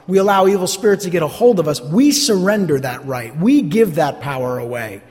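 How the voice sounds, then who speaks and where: Jersey guy preaching, high lively voice, echoey hall, stumbles over words sometimes. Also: brisk. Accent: New Jersey. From North Jersey. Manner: conversational, sarcastic asides, stumbles and repeats words. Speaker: pastor. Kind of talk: sermon. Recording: long hall reverb.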